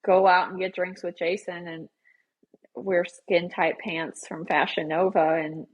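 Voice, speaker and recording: A young woman co-hosting a podcast, talking in a chatty, animated, over-explaining way. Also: lowish voice, unhurried, breathy edge. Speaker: podcast co-host. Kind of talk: casual chat.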